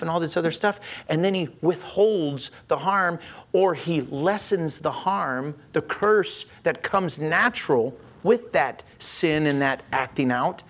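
A male preacher with a somewhat high voice delivers a sermon. He tells the story with animated acted-out quotes and frequent laughter. Toward the end he turns soft and intimate as he gives the blessing. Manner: animated storytelling, acts out quotes, chuckles often.

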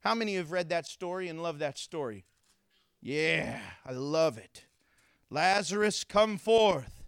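A pastor preaching a sermon to his congregation, animated, acting out the voices of people in the story. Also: fairly high pitch, unhurried, smooth, dry recording, clean studio sound.

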